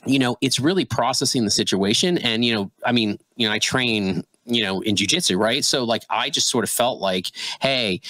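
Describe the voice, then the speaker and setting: A middle-aged man with a mid-range voice recounts a personal run-in as a podcast co-host. He is animated and loose, leaning on lots of "you know" and "like". The sound is dry and close, with no room tone. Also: medium pitch, no echo, poor audio. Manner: animated anecdote telling, heavy fillers. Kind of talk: casual conversation, storytelling.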